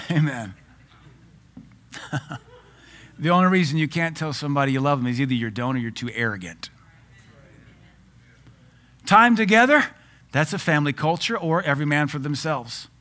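A man in his forties from the United States preaching a sermon as pastor, in a lively, joking way with frequent laughs. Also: on the high side, moderate pace, long pauses.

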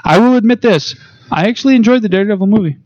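A tipsy man in loud, profane, excitable casual chat as a podcast guest. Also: sits high, racing, dry recording, dull audio.

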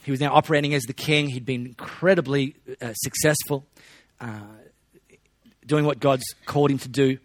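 A man preaching a sermon in a relaxed, conversational way, with joking asides to the congregation. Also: medium pitch, moderate pace, no room sound, clean studio sound. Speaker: pastor.

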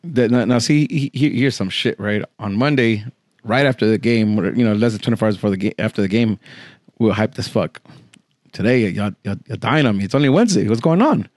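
A man's voice: fairly low pitch, a little fast, a little mellow, no echo, studio quality. A man co-hosting a podcast in casual, teasing chat, swearing freely. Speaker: podcast co-host.

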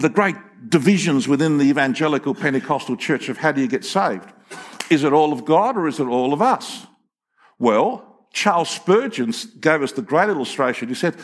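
An older man preaching a sermon to his congregation, animated and joking, with emphatic peaks. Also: fairly high pitch. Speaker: pastor. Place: church hall with congregation.

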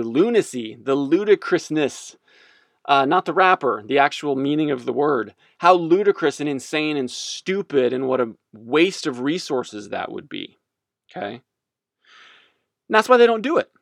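A man's voice: on the high side, sing-song, normal speed, vocal fry, dry recording, studio quality. A man giving a casual, jokey teaching talk about faith that rambles along. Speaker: speaker on faith.

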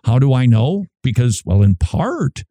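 A man's voice: medium pitch, big pitch swings, measured pace, dark tone, dry recording. A man from Minnesota hosting a show, giving a casual Bible talk and asking and answering his own questions. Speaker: podcast host.

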